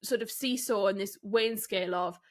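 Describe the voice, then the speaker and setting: A woman hosting a solo business podcast, coaching listeners in a direct, candid way with rhetorical questions and quick laughs. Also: medium pitch.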